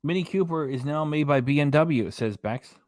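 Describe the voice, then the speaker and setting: Speaking at a moderate pace in a slightly high voice, a man hosts a reaction livestream. In a rambling, chatty way he reads out chat messages and web pages, recorded at studio quality with no room sound.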